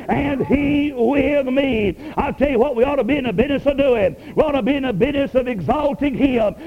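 High-voiced preacher on lo-fi radio. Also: male voice. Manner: rises and falls sharply, dropping to a hush on key words. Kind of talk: sermon. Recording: dull lo-fi radio broadcast.

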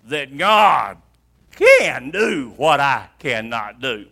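A man preaching a sermon, swinging from hushed asides to shouted emphasis. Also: medium pitch, very animated, very slow, vocal fry.

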